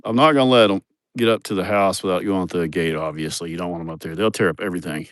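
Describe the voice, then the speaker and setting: A man's voice: low-pitched, quick pace, no echo, studio quality. A man, giving a crude, joking, rambling livestream tour of his farm, outdoors on a phone camera. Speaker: vlogger showing his farm. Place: outdoors on rural farmland.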